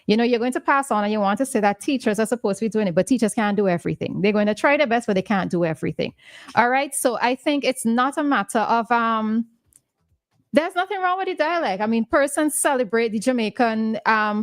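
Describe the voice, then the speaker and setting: A woman with a Vincentian accent co-hosting a morning call-in radio show, chatty and quick to laugh. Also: a little high, no room sound, clean studio sound. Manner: chatty, laughs often, gives call-in number. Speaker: radio co-host.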